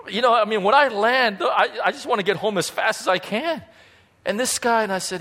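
A man preaching in a relaxed storytelling way, full of fillers and restarts. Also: sits high. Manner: conversational, halting, many fillers and restarts. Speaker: pastor. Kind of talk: sermon storytelling.

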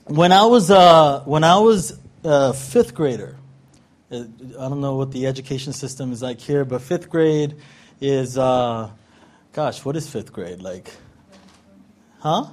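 A man's voice: medium pitch, normal speed. A man preaching as a guest pastor, from Southern California, joking with the congregation and praying. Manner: playful, joking with the audience. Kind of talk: sermon.

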